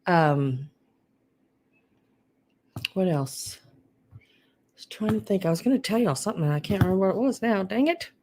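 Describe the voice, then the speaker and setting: A woman's voice: mid-range voice, expressive, moderate pace, pauses often, darkish tone, a little hiss or hum. A woman with a Southern US accent hosting a live vintage sale stream, chatting casually and greeting viewers by name. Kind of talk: casual livestream chat.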